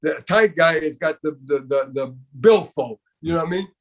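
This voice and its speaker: A man's voice: a little high, moderate pace. An older man telling a story as an interview guest, rambling with many restarts and repeated fillers.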